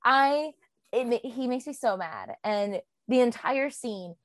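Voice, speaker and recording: A woman's voice: fairly high pitch, expressive, a little slow, no echo. Rambling woman podcast host, dry sound. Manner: rambling, full of "um" and "like". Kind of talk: casual book discussion.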